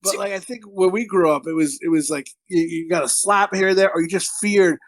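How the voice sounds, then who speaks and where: A man's voice: high voice, a little fast, dry recording. A man from Connecticut hosting a podcast in casual, profane, rambling banter. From Connecticut, USA. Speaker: podcast host.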